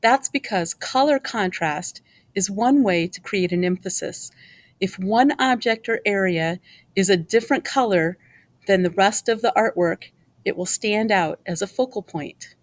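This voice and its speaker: A woman teaching an art lesson in scripted narration, explaining clearly and asking viewers questions. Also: medium pitch, unhurried.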